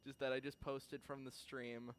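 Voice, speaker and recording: A male podcast co-host in casual chat, excitable, quick to laugh and swear. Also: medium pitch.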